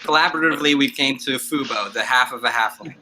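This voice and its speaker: A man's voice: mid-range voice, fast talker, bright, forceful tone, slight background noise, rough recording. A man playing a tabletop game, chatting casually with joking retorts. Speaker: player.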